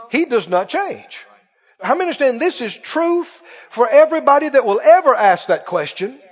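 A man preaching a sermon with emphasis, slowly drawing out quoted pleas and scripture. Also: very high-pitched. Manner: emphatic, drawn-out quoting of pleas. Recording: dull recording in a reverberant hall.

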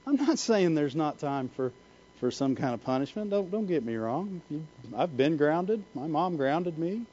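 A man's voice: on the high side, lively intonation, normal speed, dark tone, lo-fi sound. A man preaching a sermon, asking the congregation "Amen?" and "Why?" again and again. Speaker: pastor.

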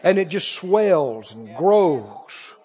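A man preaching a sermon to a congregation, animated, laughing often and asking them questions. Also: fairly high pitch, drawn-out words, muffled recording.

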